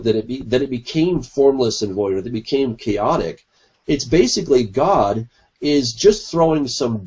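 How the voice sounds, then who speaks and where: A man's voice: mid-range voice, a little mellow, slightly rough. A man presenting his side in a debate, explaining in a teacherly way with everyday examples. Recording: dull lo-fi recording.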